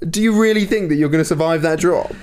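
A man's voice: fairly high pitch, fast talker, darkish tone, clean tone. A man co-hosting a podcast in casual chat, blunt and teasing, swearing freely. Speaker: podcast co-host.

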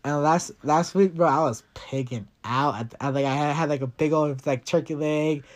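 Young male podcast host, slightly high voice, laid-back rambling chat. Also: steady tone, moderate pace. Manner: laid-back, joking, lots of fillers. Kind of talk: casual chat.

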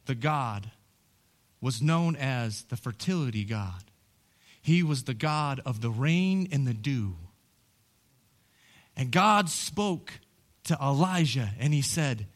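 A man preaching a sermon as pastor, moving from hushed, low storytelling to loud, rising calls.

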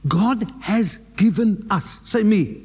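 A man's voice: high-pitched, animated, slow, a little mellow, husky, long reverb tail. A South African man preaching a sermon as pastor, emphatic and dropping in Afrikaans words.

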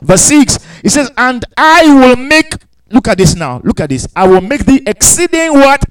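A man's voice: extremely high pitch, sing-song, normal speed, smooth, low-quality recording. A man preaching a sermon, reading scripture aloud and breaking in with hallelujahs and questions to the congregation. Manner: asks the congregation questions, repeats phrases. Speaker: pastor.

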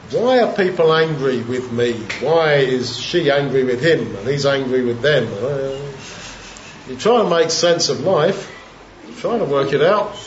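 A man's voice: fairly high pitch, slight background noise. A man preaching an expository sermon in a conversational way, asking many rhetorical questions. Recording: echoey, dull sound.

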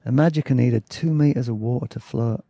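A gravelly, husky man reads his own sea-voyage memoir in a relaxed, chatty way. His voice is dark and mellow, recorded dry and close, and he drops into casual asides between passages. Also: mid-range voice, fairly quick, dry recording. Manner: laid-back, chatty asides and self-corrections. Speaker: storyteller reading his own travel memoir. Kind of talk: casual story reading.

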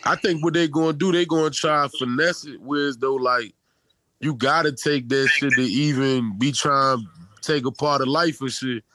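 A man's voice: medium pitch, moderate pace, dry recording. A man co-hosting a casual podcast chat, telling stories with acted-out voices and frequent laughter. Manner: animated storyteller, acts out voices, laughs often. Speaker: podcast co-host.

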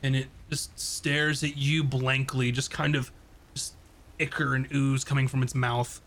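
A man's voice: medium pitch, flat delivery, a little slow, fairly bright tone. A man running a tabletop game as game master, narrating the action in a loose, casual way with many fillers.

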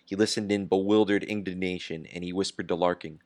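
A man narrating a novel in an even, unhurried reading voice. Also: deep voice. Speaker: audiobook narrator. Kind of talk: scripted narration.

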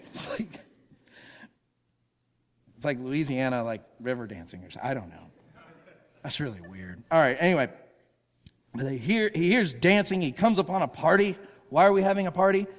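A man preaching as a guest speaker, animated and emphatic, with casual asides. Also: high-pitched, moderate pace, long pauses, in a large hall. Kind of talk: sermon. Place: church auditorium.

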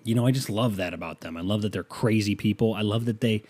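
A man's voice: lowish voice, fast talker, a little mellow, husky. A man hosting a podcast, chatting casually about hockey in a rambling, joking way with some swearing, his voice a bit sore. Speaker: podcast host. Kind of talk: casual sports chat.

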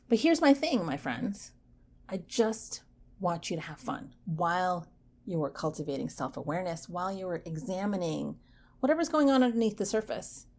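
A woman hosts a casual self-help podcast in a playful, animated way, her voice sitting a little low for a woman. She drops into hushed asides, then lifts into bright, emphatic bursts. When she reads poetry, she turns slow and soft. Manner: reads poetry slowly and softly. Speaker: podcast host.

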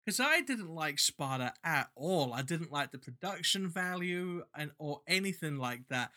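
Bright, sweary man. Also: fairly high pitch, expressive, a little slow. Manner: blunt, sweary, enthusiastic. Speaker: podcast host. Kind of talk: casual chat.

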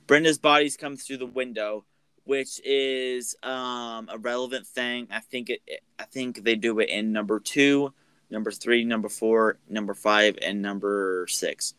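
A man co-hosting a podcast who recaps a film's plot in a loose, rambling way, full of fillers and restarts. His voice is smooth and clear, at a middling pitch, and the sound is dry and close. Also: fairly even intonation, a little slow, a bit bright, dry recording, rough recording. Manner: rambling, filler-heavy storytelling. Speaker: podcast co-host.

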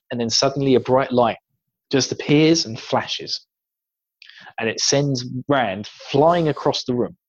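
A man's voice: medium pitch, no room sound, highs cut off. An English man co-hosting a podcast, chatting casually through a book recap, laughing often and slipping into voices for the scenes. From England. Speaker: podcast co-host.

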